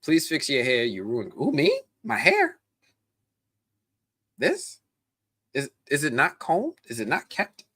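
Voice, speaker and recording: A man from the United States hosts a live stream, speaking at a medium pitch and a little slowly. He chats casually and animatedly, addressing viewers in the chat directly and restarting his sentences many times.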